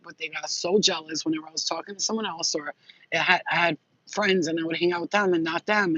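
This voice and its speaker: A husky, breathy woman chats bluntly through a channeled psychic reading, cursing freely and talking right to her viewers. The recording is dry and a little dull, with no room sound. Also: on the low side, a bit bright, no room sound. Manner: chatty, blunt, swears freely, addresses viewers directly. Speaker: psychic reader. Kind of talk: casual channeled reading to camera.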